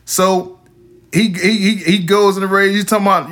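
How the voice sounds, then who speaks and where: Podcast host guy, kinda high voice, tells stories all animated, does the voices of people he quotes. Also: moderate pace. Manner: animated storytelling, acting out quoted texts. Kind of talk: casual chat.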